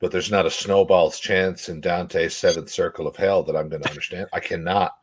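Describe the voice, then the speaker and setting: A man's voice: low voice, steady tone, brisk, a little hiss or hum. A man cracking crude jokes in casual drinking-stream chat. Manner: wisecracking and crude.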